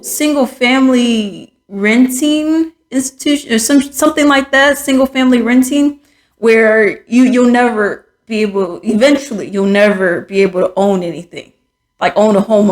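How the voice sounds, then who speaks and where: A woman hosting a podcast, speaking frankly and with exasperation in casual commentary, with many fillers and restarts. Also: fairly high pitch. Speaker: podcast host. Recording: echoey room.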